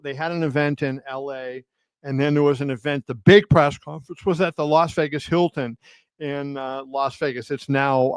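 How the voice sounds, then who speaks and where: Animated storytelling man, dry sound. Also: medium pitch, smooth, no room sound. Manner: animated storyteller, many fillers and restarts; acts out quotes with raised voice. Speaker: boxing journalist and stream host. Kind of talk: casual live-stream storytelling. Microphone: home setup on a live video stream.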